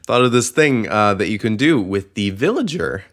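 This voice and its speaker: Giggly man with a low, lively voice. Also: normal speed. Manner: giggly, rambling, lots of fillers. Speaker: podcast host. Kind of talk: casual podcast chat.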